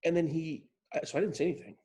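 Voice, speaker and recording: A man guest on a casual podcast, telling a long animated golf story in a rambling way. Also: fairly high pitch, racing, husky.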